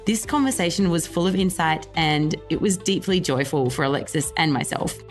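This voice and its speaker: A woman podcast co-host who researches burnout, introducing the guest and responding in a measured way. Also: sits low, expressive, soft background music. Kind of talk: scripted intro and interview.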